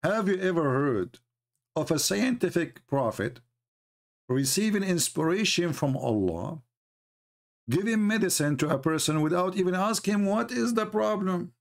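A man hosting an online talk, speaking as an in a mocking, sarcastic way with lively storytelling. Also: a little high, moderate pace. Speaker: online debate host. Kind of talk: casual live-stream commentary.

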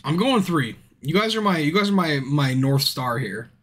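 A drunk man streaming a game, chatting casually, swearing constantly and bursting into yells at the screen. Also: a little high, very animated, normal speed. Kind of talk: casual livestream commentary. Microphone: streaming mic.

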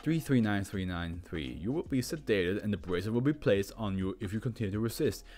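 A man's voice: on the low side, brisk, soft background music, close to an everyday voice. Cold clinical researcher, as a man reads him. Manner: curt, flat commands.

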